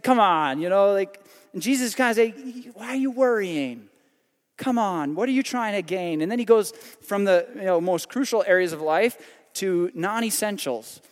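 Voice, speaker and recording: A man with a high-pitched voice preaches a sermon, talking casually and tossing in asides and rhetorical questions. His voice rings out with a long reverb, as in a large hall. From Canada. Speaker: pastor.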